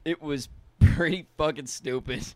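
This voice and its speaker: A man's voice: on the high side, measured pace, a little mellow, no echo. A young man co-hosting a podcast in rambling, profane casual chat, laughing often. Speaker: podcast co-host.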